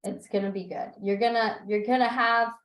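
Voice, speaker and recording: A woman's voice: on the high side, moderate pace. A young woman chatting casually in a book club on a video call, telling stories with laughter and acting out her own quotes. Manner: animated, laughing, quotes herself in lively voices. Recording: roomy video call audio.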